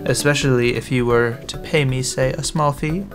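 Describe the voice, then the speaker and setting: A man's voice: medium pitch, steady tone, normal speed, soft background music, natural voice. A man reading a scheming, greedy male merchant's lines aloud from a game, in a wheedling way. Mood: sly.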